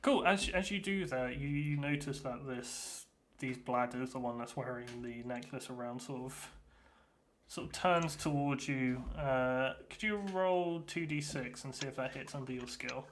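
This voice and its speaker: A man runs a tabletop role-playing session as game master. He talks in a hesitant, halting way, full of fillers and restarts, at an ordinary pitch. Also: slight background noise.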